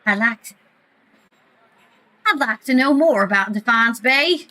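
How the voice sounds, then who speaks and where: Woman doing a halting British-accented adventurer. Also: fairly high pitch, expressive, pushed and bright, some chatter behind, poor audio. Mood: curious. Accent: shaky British attempt. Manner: halting, restarting lines.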